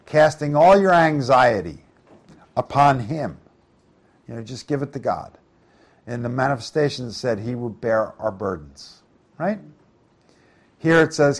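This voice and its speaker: A man's voice: mid-range voice, animated, a little slow, pauses often. Man teaching scripture to a group. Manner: reads scripture aloud then explains it conversationally, asks the group questions. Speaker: preacher. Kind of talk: Bible study teaching.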